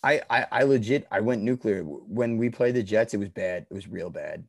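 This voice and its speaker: A young man telling a story in a loose, profane way, mumbling at times and then breaking into shouts. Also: lowish voice, fairly quick, vocal fry, no room sound. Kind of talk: casual storytelling.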